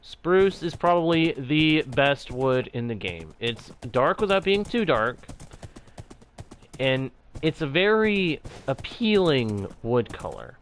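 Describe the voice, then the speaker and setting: A man's voice: on the high side, very animated, takes it slowly, a bit bright, slight background noise. A man casually commenting on his own game as he plays, playful and jokily grumbling to himself. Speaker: gaming channel host.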